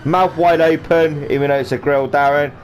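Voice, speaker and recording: Slightly high and fairly even, this man's voice moves at a normal speed as he rambles and jokes through live commentary on a sim race he's also driving in. He does silly voices for the other drivers, with a faint hum of game sound behind him.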